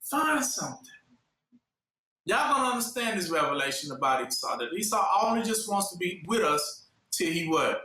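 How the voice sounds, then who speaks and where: A man preaching a sermon, posing questions and pausing for listeners to fill in the answer. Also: high voice, sing-song, pushed and bright. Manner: call-and-response questions, fill-in-the-blank pauses. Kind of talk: sermon teaching. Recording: echoey room from far off.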